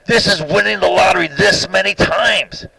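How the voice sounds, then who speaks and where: A man giving a lecture monologue, insistent, constantly checking with "right?" and growing louder and higher when worked up. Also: normal speed, vocal fry, slightly rough, poor audio. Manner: rising pitch and volume when agitated.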